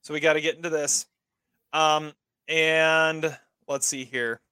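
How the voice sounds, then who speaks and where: A man hosting a laid-back movie podcast, his voice bright and forward, a touch higher than most men. The sound is dry and close. He stumbles and repeats words as he reads out the trivia. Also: little pitch movement, smooth, no echo. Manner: halting, repeats words while talking. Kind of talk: casual podcast chat.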